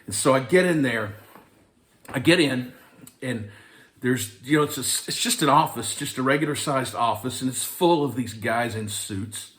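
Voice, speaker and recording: A man's voice: mid-range voice, moderate pace, fairly bright tone. A man from Arkansas, an actor, telling a wry, self-deprecating story about an audition. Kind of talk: anecdotal storytelling.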